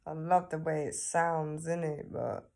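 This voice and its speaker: A woman's voice: deep voice, unhurried, creaky, dark tone. A woman talking casually to herself on camera, chatty and laughing often, tagging her sentences with questions. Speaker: vlogger. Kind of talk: casual self-talk to camera.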